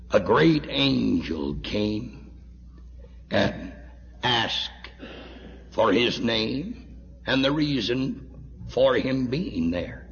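Gravelly, dramatic preacher man. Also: medium pitch, very animated, extremely slow, long pauses. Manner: dramatic, swinging from hushed to shouting. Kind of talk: sermon storytelling. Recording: dull echoey hall recording.

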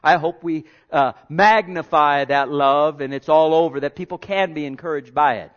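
A male pastor preaching a sermon in a conversational way, repeating himself and jumping from hushed asides to loud bursts. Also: fairly high pitch, normal speed. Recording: dull lo-fi sermon recording.

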